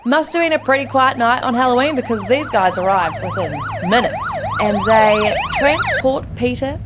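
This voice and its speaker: A woman's voice: high-pitched, moderate pace, noisy background. A woman co-hosting a podcast, telling a true-crime story in a casual, joking way and slipping into voices. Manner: animated, joking, slips into character voices.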